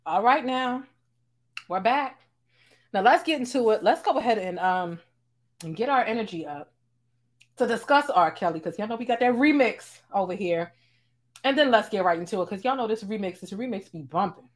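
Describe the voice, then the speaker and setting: A woman from Baltimore giving casual gossip commentary in a sassy, slangy way, laughing a lot and breaking into loud bursts. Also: mid-range voice, lively intonation, normal speed. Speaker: commentary YouTuber.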